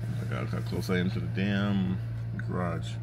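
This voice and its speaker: A man's voice: deep voice, little pitch movement, normal speed. A man who sells cars, chatting casually and with slang in a vlog while he drives, wearing a clip-on mic. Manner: laid-back, slangy talk. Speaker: car salesman and vlogger. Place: in his car with the window down. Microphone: clip-on microphone. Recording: wind and road noise in a car.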